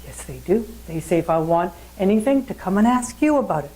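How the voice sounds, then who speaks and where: A woman's voice: mid-range voice, sing-song, a little fast, mellow, close to an everyday voice, rough recording. A woman voicing a curious, eager male traveler who is surprised and chatty.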